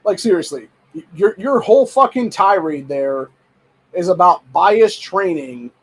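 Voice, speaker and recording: A show host rants angrily about politics in heated, profane, rambling commentary loaded with fillers. His husky voice sits high and is animated yet a little slow, and the recording is rough.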